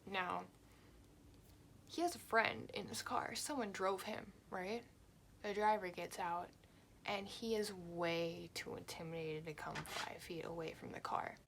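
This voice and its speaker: A young woman vlogger tells a story in a blunt, animated way and swears freely. Her voice has a gravelly, fry-heavy texture. There is a faint hiss in the background. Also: on the low side, a little slow. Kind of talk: storytime vlog.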